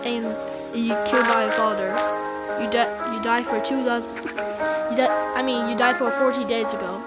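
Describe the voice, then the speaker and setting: A woman's voice: fairly high pitch, little pitch movement, normal speed. A woman doing let's-play commentary, reading game dialogue aloud and gasping and squealing at the scares. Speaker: gameplay commentator. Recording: loud game music over the voice.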